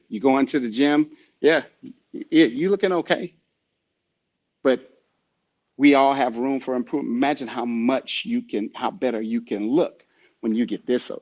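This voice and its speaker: A man's voice: medium pitch, fairly even intonation, fairly quick, darkish tone, dull audio. A man hosting a podcast who talks in a preachy, repetitive way and urges the listener directly. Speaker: podcast host. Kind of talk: motivational podcast talk.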